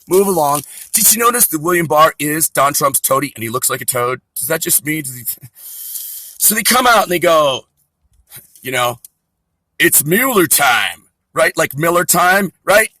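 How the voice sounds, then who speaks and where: A man's voice: fairly high pitch, animated, normal speed, sharp tone, no echo, low-quality recording. A man delivering a profane, sarcastic comedy rant.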